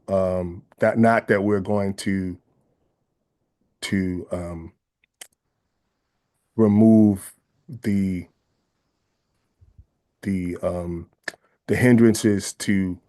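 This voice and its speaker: A man's voice: sits low, steady tone, warm tone. Earnest Bay Area man, thoughtful guest. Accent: San Francisco Bay Area. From San Francisco Bay Area. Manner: earnest, measured, circles back to rephrase ideas. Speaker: interview guest. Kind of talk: reflective interview conversation.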